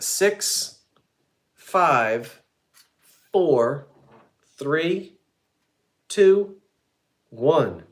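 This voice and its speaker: A man selling antiques in a live online auction, describing each item in a chatty, rambling way with homey jokes and asides. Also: a little high. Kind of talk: casual live sale presentation.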